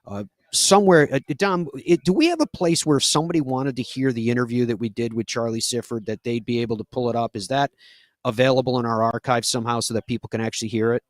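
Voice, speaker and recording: Man, golf show host, earnest storyteller, dry close sound, mid pitch. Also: fast, dry recording. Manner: conversational, earnest storytelling with frequent fillers. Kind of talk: live radio talk show.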